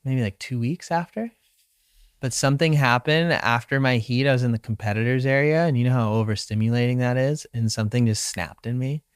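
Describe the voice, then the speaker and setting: A young man from Hawaii tells a personal story in a relaxed, reflective interview manner, slipping into his own inner voice as he recounts it. His voice is smooth and resonant. He is recorded dry and close to the mic. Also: medium pitch, a little fast, dry recording. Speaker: professional surfer, guest.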